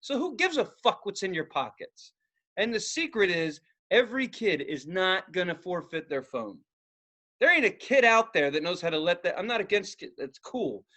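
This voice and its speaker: Man, podcast co-host, profane storyteller, lively pitch, bright tone. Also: normal speed. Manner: animated, swears constantly, acts out the people in his story.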